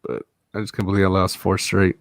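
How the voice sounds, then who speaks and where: Gravelly low-voiced man, hesitant and profane. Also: completely flat delivery, brisk, no echo. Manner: hesitant, swears a lot, laughs often. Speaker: podcast co-host. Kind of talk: casual sports chat.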